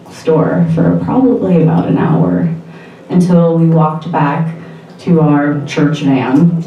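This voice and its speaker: A woman's voice: deep voice, lo-fi sound, slight background noise. A young woman telling a candid, self-deprecating personal story on stage at a live storytelling night, laughing often. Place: bar, live storytelling event. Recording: roomy bar echo, distant mic.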